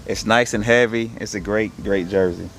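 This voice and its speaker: A man's voice: lowish voice, fairly even intonation, moderate pace. A young man casually talking through his resale haul in a laid-back, rambling, slangy way. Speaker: online reseller showing his haul.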